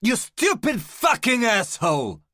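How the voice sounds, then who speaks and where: A man voicing a volatile, foul-mouthed male boss who shouts and swears. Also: very high-pitched, huge pitch swings, normal speed, dry recording, clean studio sound, voice pushed up, full character voice. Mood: furious. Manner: shouting, swearing, spitting insults.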